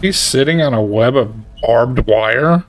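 A man giving casual, excitable, joking commentary while playing a video game. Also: mid-range voice, a little slow. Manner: excitable, trash-talking, jokey. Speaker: gaming streamer.

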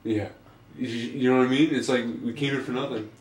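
A man's voice: medium pitch, fairly even intonation, fairly quick, lightly acted. Young man voicing a cocky jokey dude, laid-back slacker talk, echoey room. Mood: excited. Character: cocky, joking young dude who wants to be the hero. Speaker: amateur fan dubber. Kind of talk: goofy amateur movie dub.

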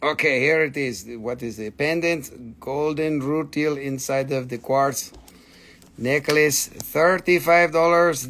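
A man's voice: medium pitch, takes it slowly, a bit bright. A man hosting a live-stream sale, playful and joking, bantering with viewers and himself into a phone. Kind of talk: live-stream sales pitch.

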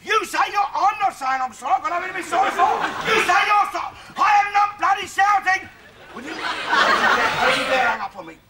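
A loud-mouthed, bigoted older father in a sitcom. He blusters and shouts, his voice pitched very high and swinging widely. Heavy noise runs under the recording. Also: very animated, brisk, a loud crowd, exaggerated voice. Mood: grumbling, ranting. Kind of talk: sitcom acting.

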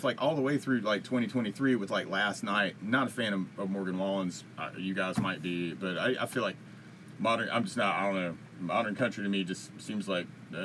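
A man with a lowish, slightly bright voice hosts a casual live-streamed music Q&A, answering chat from his computer in an upbeat, rambling way packed with fillers. He's on a computer mic at a desk, and there's a little hiss or hum.

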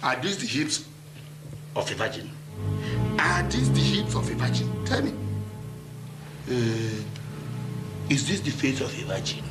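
A man's voice: medium pitch, very animated, measured pace, pauses often. A man playing a cruel, mocking drunken stepfather who bullies and laughs scornfully. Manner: taunting, bullying, laughing scornfully. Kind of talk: film drama acting. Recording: echoey room with loud music.

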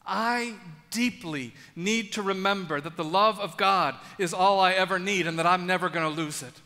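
A man preaching a sermon in a large church, earnest and intimate, with dramatic pauses. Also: sits high, bright, forceful tone. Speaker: pastor. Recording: long church reverb.

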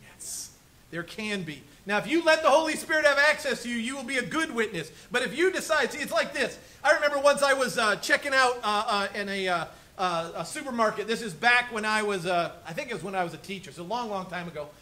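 A man's voice: high voice, animated, a little fast, pushed and bright, rough recording. A male pastor preaching a conversational sermon in a church room, often checking in with "right?" and "okay?". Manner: chatty, keeps asking "right?" and "okay?".

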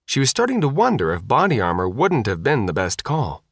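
Expressive male audiobook narrator. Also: mid-range voice, a little fast, no echo, clean studio sound.

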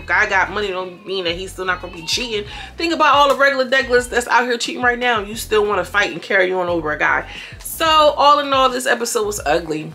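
Gravelly, blunt woman reviewing a show. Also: mid-range voice, sharp tone. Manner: chatty, addresses viewers directly; blunt, opinionated. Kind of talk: casual commentary review.

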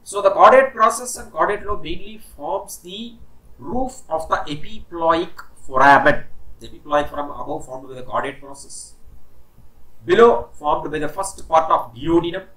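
A man teaching an anatomy lesson with a fairly high, bright and forceful voice. He walks through the material step by step, repeating key terms and pausing on "okay" before moving on. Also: low-quality recording. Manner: explanatory, repeats key terms, stops and restarts, says "okay" often. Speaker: anatomy lecturer. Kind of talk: recorded medical lecture.

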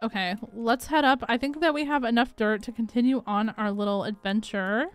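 An upbeat young woman with a slightly high voice chats through a cozy gaming livestream, giggling and greeting her viewers by name. Soft music plays quietly in the background. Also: a little fast. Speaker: livestream host. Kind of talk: casual chat while gaming, reading chat. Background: faint background music.

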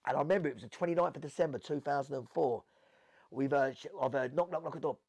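A man with a South London accent, telling stories in an animated way as an interview guest, acting out what people said. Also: a little high, rapid-fire, creaky, no echo. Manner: animated storytelling, acts out quotes, swears. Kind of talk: storytelling interview.

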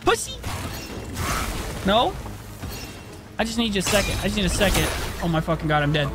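A young man giving profane, excitable commentary while playing a video game, with game music behind him. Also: high voice, fast talker. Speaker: gaming streamer. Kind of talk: let's play commentary.

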